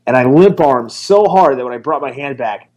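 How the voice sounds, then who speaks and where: A man's voice: mid-range voice, expressive, moderate pace, darkish tone. Crude, joking man on a podcast. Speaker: podcast co-host, martial arts coach. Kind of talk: casual podcast chat.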